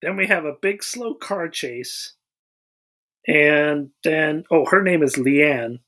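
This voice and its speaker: A man recapping a film plot on a casual podcast, rambling and making fun of himself. His voice sits fairly high. It moves up and down a lot as he talks. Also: animated, takes it slowly, a bit bright. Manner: rambling, self-deprecating storytelling. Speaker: podcast co-host. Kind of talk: casual movie recap chat.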